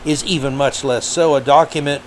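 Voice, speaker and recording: A man's voice: mid-range voice, steady tone, normal speed, slight background noise, low-quality recording. A man hosting a podcast, delivering a combative, sarcastic political commentary monologue. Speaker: podcast host.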